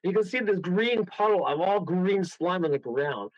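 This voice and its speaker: A man from Toronto, a guest medium, telling a rambling, excitable story with bursts of laughter. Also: sits high, normal speed, no echo. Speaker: guest medium and paranormal investigator. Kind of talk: casual storytelling on a radio call. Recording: dull lo-fi radio audio.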